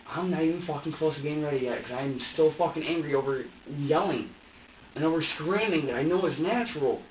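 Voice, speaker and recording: A man's voice: fairly high pitch, quick pace. Young man, police interview suspect, agitated, profane, stammering, dull distant recording. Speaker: suspect under police questioning. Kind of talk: emotional confession. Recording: distant, roomy, dull recording with faint hiss.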